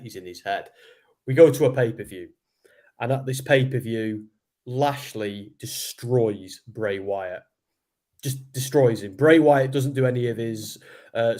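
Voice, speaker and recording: A man hosting a casual online chat, telling a long, animated storyline monologue. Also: lowish voice. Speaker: host. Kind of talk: casual fantasy booking chat.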